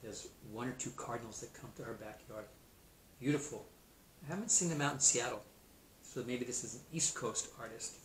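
A man's voice: medium pitch, a little fast, fairly bright tone, reverberant, slight background noise, low-quality recording. A male teacher chatting playfully through an online math lesson and a picture-book read-aloud. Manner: playful, chatty, laughs at himself. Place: Seattle.

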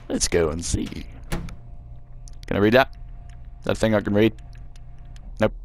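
A man's voice: fairly low pitch, fairly even intonation, slow, long pauses, background noise. A man chatting self-mockingly as he plays through a game, swearing now and then. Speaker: let's play gamer. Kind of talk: casual gameplay commentary.

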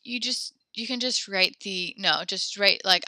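In a French class, a woman gives brisk instructions that blend English and French, often correcting herself mid-sentence. Her medium-pitched voice is pushed and bright, and the recording is dry.

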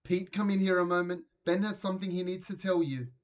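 A man voicing an excitable, gushing mother who works as a nail technician, in a children's storybook reading. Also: mid-range voice, moderate pace, close to an everyday voice.

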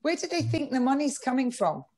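Exasperated woman, animated and sarcastic. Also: high-pitched, fairly quick. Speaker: interview guest. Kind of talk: political interview.

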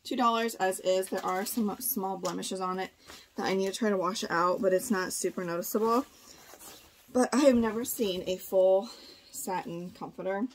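A woman's voice: medium pitch, moderate pace, a little hiss or hum. A young pregnant woman, chatting casually while she shows her thrift finds. She thinks aloud with frequent fillers and is a little short of breath, seated in a room at home before a camera. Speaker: part-time online reseller. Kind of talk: casual thrift haul vlog.

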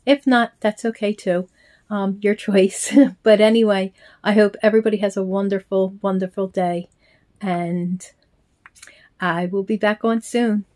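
A woman's voice: mid-range voice, steady tone, a little slow. Older grandmother vlogger, chatty and gushing, recorded on a phone at home. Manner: gushing, warm-hearted, with filler ums. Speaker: reborn doll collector vlogger. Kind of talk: casual chat to camera. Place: small bedroom at home. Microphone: handheld phone.

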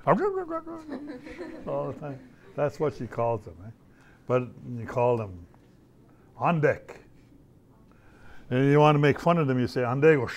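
A man's voice: medium pitch, darkish tone. An older man, an artist talking casually to schoolchildren in a folksy, storytelling way, often repeating his phrases. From Canada. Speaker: visiting artist.

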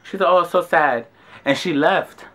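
A young man with a bright, forceful voice tells a story straight to camera. His delivery is brash and profane, and he acts out the other people's lines himself. His voice sits a little high for a man. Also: measured pace. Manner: brash, profane, acts out dialogue with rising outbursts. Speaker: vlogger telling a travel story. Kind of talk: animated storytime monologue.

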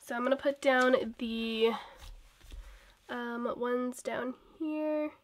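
A woman's voice: a little high, steady tone, takes it slowly. A young woman with a cold, chatting casually and rambling as she decorates her planner, laughing often. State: sick with a cold. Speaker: planner vlogger. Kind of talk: casual plan-with-me chat.

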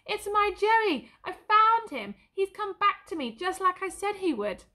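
An earnest young male soldier from a storybook, pleading and emotional, his lines pitched a little high. A woman reads him aloud, with urgent feeling in every line. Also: moderate pace, fairly bright tone, natural voice. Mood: overjoyed.

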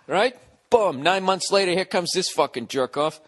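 A man's voice: high voice, moderate pace, in a large hall. A man in his forties with a Boston accent hosts a podcast from his home, ranting sarcastically and swearing in a rambling comic monologue. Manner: profane, sarcastic, animated rants. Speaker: podcast host. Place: home, recording indoors.

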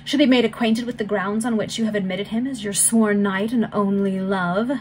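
A woman's voice: medium pitch, fairly even intonation, normal speed, a little mellow, slight background noise, close to an everyday voice. A woman reading the lines of a jovial, mocking aristocratic baronet, bantering and amused.

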